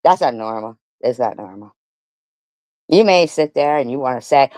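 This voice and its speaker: A woman's voice: a bass voice, moderate pace, warm tone, no room sound. Angry, profane middle-aged woman ranting. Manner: confrontational, profane, repeats herself, scoffing laughs. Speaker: live stream host. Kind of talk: angry live stream rant.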